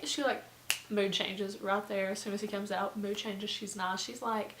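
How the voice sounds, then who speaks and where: A woman's voice: medium pitch, fairly even intonation, moderate pace, echoey room, low-quality recording. Chatty young woman telling a story. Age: young adult. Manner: chatty, lots of "like", rambling asides. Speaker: vlogger. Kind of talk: casual storytime.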